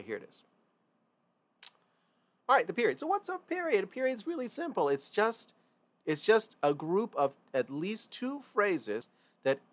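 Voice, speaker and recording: A man's voice: on the high side, a bit bright. A man teaching a music theory lesson in a loose, informal way. He repeats and stresses key points and often restarts his sentences. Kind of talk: casual online lesson.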